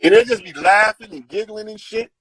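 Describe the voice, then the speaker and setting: Husky-voiced man telling stories casually. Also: high-pitched, a little fast, rough recording. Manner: animated, profane, acts out quotes. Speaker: guest storyteller. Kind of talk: casual storytelling.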